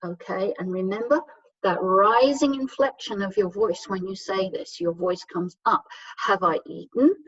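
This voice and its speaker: Patient woman English teacher, slows down for example sentences; dull, far-off mic in a dry room. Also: medium pitch, fairly bright tone, no echo. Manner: patient, explains step by step, often checks with "okay?"; reads example sentences slowly and clearly. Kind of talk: grammar lesson for learners.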